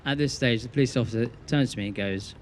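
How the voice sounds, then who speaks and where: A man's voice: medium pitch, quick pace, some chatter behind, a little hiss or hum. A young man giving a best man's wedding speech, telling a teasing story with dry punchlines.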